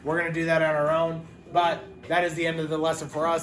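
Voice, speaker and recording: A man's voice: on the high side, little pitch movement, noisy background. Encouraging male teacher in an echoey room. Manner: patient, encouraging, sounds out words slowly. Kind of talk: phonics lesson for young children.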